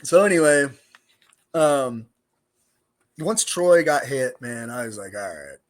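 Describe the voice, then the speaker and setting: A man's voice: mid-range voice, expressive, takes it slowly. A middle-aged man telling his own prison stories in a casual interview, streetwise and profane, rambling with lots of fillers. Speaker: guest, former prisoner.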